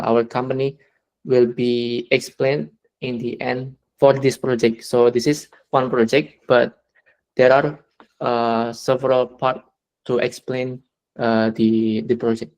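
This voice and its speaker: A man moderating an online work meeting, talking slowly with many hesitant fillers over a video call. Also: mid-range voice, level tone, darkish tone, low-quality recording.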